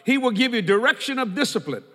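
A man preaching in a church with a high, bright, ringing voice. He drives his points home by repeating lines and reading scripture aloud. The sound carries a long hall reverb. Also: animated, fast. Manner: preaching with emphatic repetition, quoting scripture. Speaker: pastor. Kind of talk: sermon.

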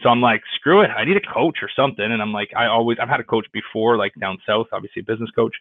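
A man talks through his career in a relaxed interview, circling back with restarts and acting out the people in his story. His voice comes through a narrow, tinny line with no room sound. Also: fairly low pitch, rapid-fire, dry recording. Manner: rambling, with many restarts and quoted dialogue. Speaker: real estate agent. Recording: tinny phone-like line, dry.

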